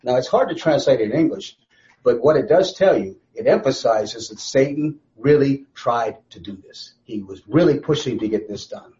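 A man's voice: mid-range voice, lively intonation, normal speed, warm tone, dull audio. A man teaching a conversational Bible study. He speaks emphatically, asks rhetorical questions and repeats phrases for stress.

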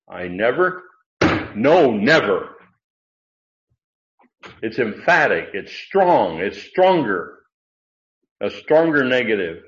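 A man's voice: mid-range voice, highs cut off. A man teaching an informal Bible lesson to a class that includes online listeners, talking it through with fillers and restarts. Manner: conversational, thinking aloud with fillers and restarts.

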